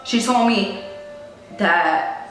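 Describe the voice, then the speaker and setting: A woman's voice: medium pitch, very slow, fairly bright tone. A young woman telling a painful personal story in casual slang, choked up and close to tears. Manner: casual slangy talk full of "like" and "yo". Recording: very echoey and distant, played back over a speaker, faint music.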